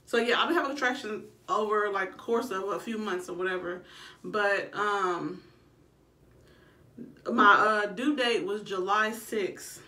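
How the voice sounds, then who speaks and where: A woman's voice: medium pitch, a little slow. Swearing young woman, echoey room. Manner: blunt, swears freely, animated retelling. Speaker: vlogger. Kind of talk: casual storytelling to camera. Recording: echoey room, a bit far from the mic.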